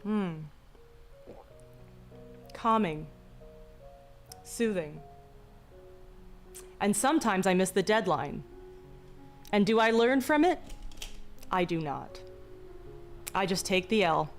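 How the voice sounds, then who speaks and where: A young woman streaming, speaking in a slow, deliberately calm, mock-soothing way with a touch of vocal fry, joking with chat. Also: medium pitch. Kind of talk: casual live-stream chat. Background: faint background music.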